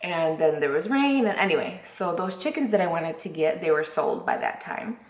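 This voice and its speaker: A woman's voice: fairly low pitch, animated, normal speed, echoey room. A woman vlogger chatting casually to camera, rambling with lots of fillers and restarts.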